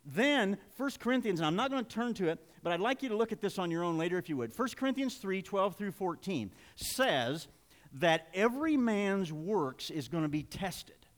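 Older man, pastor, folksy sermon, lively pitch, reverberant hall. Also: moderate pace. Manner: folksy, confessional, rising to emphatic preaching. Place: church sanctuary.

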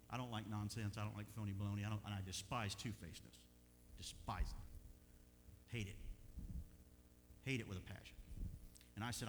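A middle-aged man preaching a sermon, telling folksy stories with bursts of loud emphasis. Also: lowish voice. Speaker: pastor. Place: church sanctuary. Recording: long church hall reverb, faint hum.

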